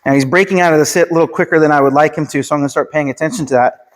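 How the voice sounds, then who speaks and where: A man working as a dog trainer, calmly explaining his methods and giving short commands and praise to a dog. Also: on the high side, very fast. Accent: Pennsylvania. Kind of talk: instructional dog training video.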